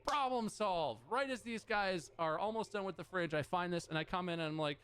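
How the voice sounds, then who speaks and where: A man streamer telling a story as a casual, animated rant, swearing often and acting out both sides of the conversation. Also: high voice, a little fast, clear, resonant tone.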